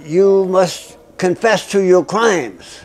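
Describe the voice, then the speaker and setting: Petty, menacing male jailer barking broken English, pitched way up, put on by an older man telling a story. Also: slow. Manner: shouted, clipped broken English.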